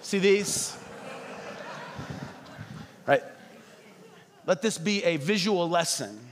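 A middle-aged man preaching a sermon as pastor, animated, often acting out quoted voices. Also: high-pitched, extremely slow, a little hiss or hum. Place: church hall. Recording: reverberant hall.

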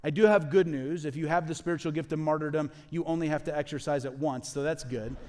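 A man preaching a sermon as pastor, animated and acting out quoted voices as he speaks. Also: on the high side, fast, in a large hall.

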